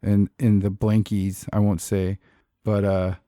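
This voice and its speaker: In a relaxed podcast chat, this male co-host jokes, swears freely and laughs often. His voice is fairly low and mellow, with a level tone and a measured pace. The recording is clean studio sound with no room sound.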